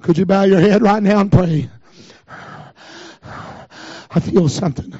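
A fervent preacher with a high-pitched voice, his revival sermon rising from hushed murmurs into shouted cries. The recording is dry and a little dull. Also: fairly even intonation, a little slow, dry recording. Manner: fervent, breaking into shouted cries, then dropping low.

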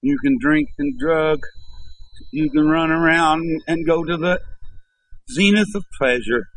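Preacher, man, fervent sermon delivery, a touch high-pitched, climbs to shouting calls. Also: unhurried, low-quality recording. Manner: impassioned, rising to shouted appeals. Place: church.

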